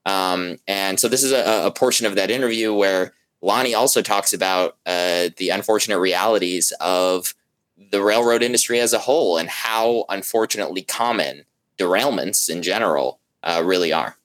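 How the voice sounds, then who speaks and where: A journalist with a very deep voice talks through his reporting as an interview guest. He speaks conversationally and haltingly, restarting his sentences. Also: a bit bright, low-quality recording.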